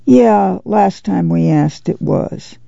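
A man voicing an excitable poor rural girl who rambles eagerly in country talk. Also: high voice, slow, vocal fry, no echo, full character voice. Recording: dull lo-fi dry audiobook recording.

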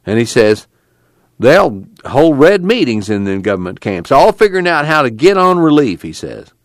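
A man's voice: sing-song, moderate pace, dry recording, studio quality. A man doing a profane tubby Okie migrant. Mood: indignant. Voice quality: blunt, profane, raised pitch. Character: gruff tubby middle-aged male migrant, blunt storyteller.

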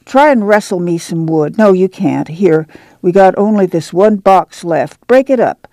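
A woman voicing a weary, steady migrant mother who talks in a soft rural dialect. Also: on the low side, unhurried, no echo, studio quality. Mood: soothing, weary. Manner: soothing, firm, rural dialect. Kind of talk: dramatic book reading.

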